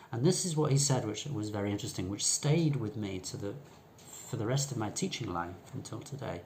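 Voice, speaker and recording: A man's voice: fairly low pitch, fairly quick, darkish tone. An older English man with a British accent, an English teacher telling a story in a chatty, rambling way. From England. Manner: chatty, rambling, with fillers and restarts. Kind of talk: casual storytelling lesson.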